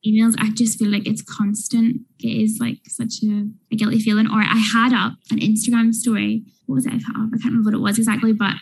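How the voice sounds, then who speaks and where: A woman's voice: on the high side, level tone, fast, gravelly, hardly any pauses, slightly rough, poor audio. A young woman, chatting casually as a podcast guest, full of fillers. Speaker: guest, small business owner.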